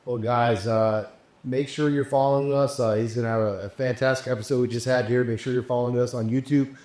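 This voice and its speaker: A man's voice: medium pitch, a little fast. A man hosting a podcast, talking casually and wrapping up the show with thanks to his guest. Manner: relaxed, wraps up with thanks and follow reminders. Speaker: podcast host. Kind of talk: casual interview. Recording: roomy echo.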